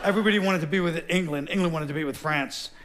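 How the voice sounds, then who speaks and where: A middle-aged comedian, speaking in a fairly high voice for a man, working a live theater crowd with sardonic, deadpan delivery. Faint hum of the room behind him. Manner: sardonic, deadpan, quick asides, drops into put-on voices. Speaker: stand-up comedian. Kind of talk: stand-up comedy. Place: Broadway theater stage, live audience. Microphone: stage microphone.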